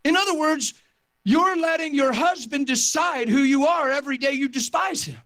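A man with a noticeably high voice preaches to his congregation, recounting his own story with fervent energy. His delivery swells from quiet reflection into near-shouted emphasis. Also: moderate pace. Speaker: pastor. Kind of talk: sermon testimony.

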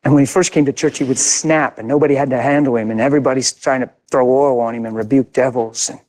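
A man's voice: medium pitch, fairly even intonation, quick pace, a little mellow. An older man preaching a sermon, telling a story with emphatic, intense repetition. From grew up in a city. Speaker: pastor.

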